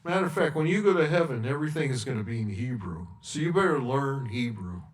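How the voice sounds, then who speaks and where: A man's voice: medium pitch, lively intonation, fast talker. A man hosting a sarcastic, mocking rant monologue. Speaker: host. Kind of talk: ranting monologue. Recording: echoey room, distant mic.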